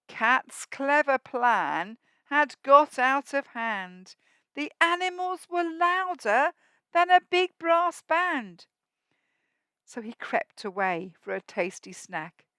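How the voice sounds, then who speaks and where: A woman teacher reading a rhyming picture book to young children at a school assembly, expressive and asking them questions so they join in. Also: sits high, no room sound. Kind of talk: storybook read-aloud for young children.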